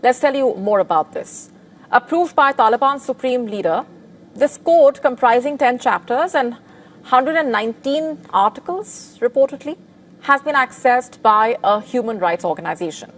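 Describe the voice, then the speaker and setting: A woman presents a scripted news report in a measured, formal way. Her voice is somewhat high for a woman. She keeps a steady newsreading rhythm.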